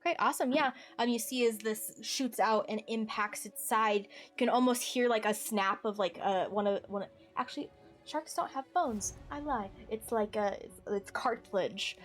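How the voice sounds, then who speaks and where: A woman's voice: on the high side, normal speed, faint music behind. A woman narrating as game master of a tabletop game, hesitant and full of fillers.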